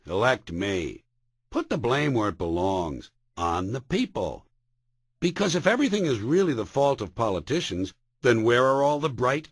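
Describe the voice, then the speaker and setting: Sardonic, husky-voiced male stand-up comic. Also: mid-range voice, dry recording. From United States. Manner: sardonic, profane, sharp comic timing. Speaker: stand-up comedian. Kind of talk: stand-up comedy routine.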